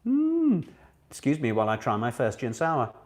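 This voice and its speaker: A man's voice: medium pitch, fast talker. A man hosting an online pub quiz from home, chatty and playful, full of asides to his viewers. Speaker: quiz host. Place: home flat.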